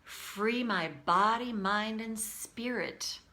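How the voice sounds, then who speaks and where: A woman coaching viewers on a livestream, candid and animated, speaking to them by name. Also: fairly high pitch, takes it slowly. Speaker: tapping coach.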